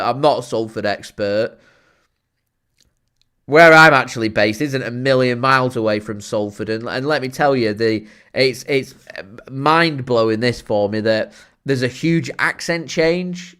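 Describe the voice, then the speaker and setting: A man chatting casually as a football fan streaming a watchalong, rambling with many fillers and getting excited when reacting to the play. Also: medium pitch, clear, resonant tone. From Greater Manchester, England. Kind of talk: casual watchalong chat with live match reaction.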